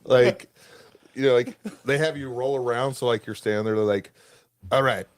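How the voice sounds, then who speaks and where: Animated male host telling stories. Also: medium pitch, moderate pace, dry recording. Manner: animated storyteller, acts out dialogue with raised voice. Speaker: podcast host. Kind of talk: casual storytelling chat.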